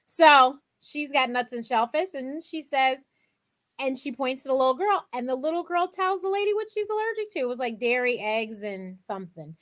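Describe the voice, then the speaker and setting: Animated storytelling woman with a high voice. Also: normal speed. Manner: animated storyteller, acts out quotes. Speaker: guest author. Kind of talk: casual interview chat.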